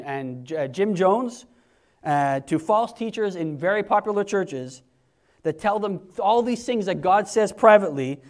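A man in his forties preaching a sermon in a conversational, animated way, acting out quotes in hushed and raised voices. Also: sits high. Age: 40s.

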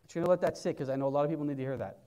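A man in his forties preaches from a church pulpit with a handheld mic, his voice sitting a little high for a man. He exhorts his listeners, repeats lines for weight and climbs into loud fervor. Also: racing, clear, resonant tone, rough recording. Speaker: pastor. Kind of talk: sermon.

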